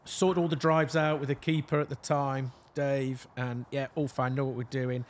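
A man co-hosting a podcast, telling a self-mocking anecdote in a lively, casual way. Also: mid-range voice, normal speed, a little hiss or hum. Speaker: podcast co-host. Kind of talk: casual chat, storytelling.

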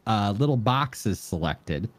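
A man playing a game with a friend on stream, joking and reacting excitedly in casual chat. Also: lowish voice, slow pace, dry recording. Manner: excitable, jokey, laughs often. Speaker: guest co-player.

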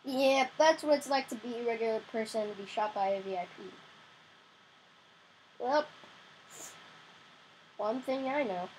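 A young woman giving casual gameplay commentary, excitable, crying out in frustration now and then. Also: fairly high pitch, unhurried, pauses often, a little hiss or hum, low-quality recording. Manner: excitable, yelps and cries out in frustration. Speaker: gamer.

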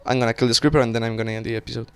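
Excitable young man, smooth voice. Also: medium pitch, very fast. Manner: excitable, swearing, talks to himself while playing. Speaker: gaming channel host. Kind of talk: casual gameplay commentary.

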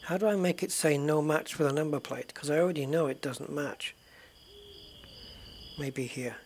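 A man hosting a let's play, quietly thinking aloud as he checks documents in a game. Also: on the high side, normal speed, slight background noise. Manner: quiet, muttering thoughts aloud. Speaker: gaming channel host.

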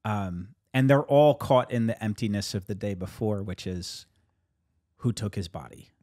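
A man who is a pastor, chatting casually about his sermon as an animated storyteller who laughs often and jumps higher when he quotes people. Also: moderate pace, no echo, studio quality.

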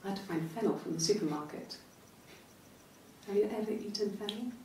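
An actress playing a calm woman answering police questions in a video game, with soft, measured answers. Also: mid-range voice, natural voice. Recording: distant echoey game audio with faint noise.

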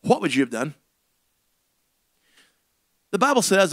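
A middle-aged man, a senior pastor, telling a comic story in a sermon with big swings between loud and hushed. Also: high-pitched, very animated, measured pace, dry recording.

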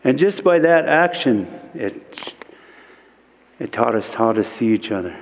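A man from Standing Rock, a guest speaker at a church service, telling a spiritual story slowly, with many repeated "he said" lines. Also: mid-range voice, animated, big-room sound, a little hiss or hum. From Standing Rock, United States. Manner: slow and repetitive, retelling speech with many "he said".

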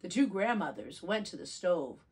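A preschool teacher reading a picture book aloud to children, gentle and expressive. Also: female voice, fairly low pitch, moderate pace, husky.

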